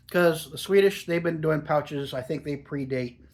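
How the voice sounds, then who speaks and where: A man's voice: on the high side, a little slow. A man in his forties talking in a chatty, rambling, easygoing way while reviewing a product for a casual vlog.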